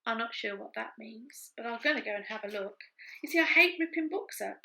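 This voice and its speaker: A woman's voice: a little high, animated, brisk, vocal fry, sharp tone, poor audio. A woman in a casual crafting chat, thinking aloud as she works. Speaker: craft vlogger.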